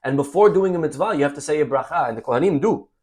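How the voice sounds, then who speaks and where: A man's voice: on the high side, very fast. A rabbi teaching a Torah class, reading Hebrew verses aloud, translating them and calling his listeners "my friends". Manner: animated, addresses listeners as "my friends".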